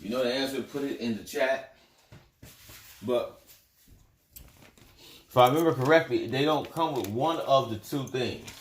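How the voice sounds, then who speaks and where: A livestream host who is also a spiritual teacher tells rambling, profane stories in a loose, offhand way on his casual stream. His mid-range voice is unhurried, with long pauses.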